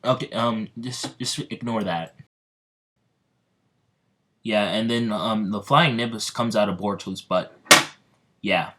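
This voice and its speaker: A man improvising a fan-fiction story, rambling and halting with lots of fillers, restarts and giggles. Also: lowish voice, fairly bright tone, slight background noise.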